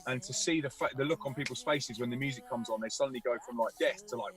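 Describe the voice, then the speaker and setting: A man telling a vivid personal story as a guest, energetic, acting out the voices of people he quotes. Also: mid-range voice, fast. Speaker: guest musician and youth speaker. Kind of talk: animated storytelling.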